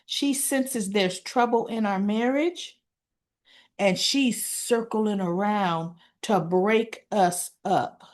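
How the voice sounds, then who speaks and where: Slow-talking, animated soap recap woman. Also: medium pitch. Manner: animated retelling, acting out quoted lines. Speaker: soap opera recap host. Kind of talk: casual recap chat.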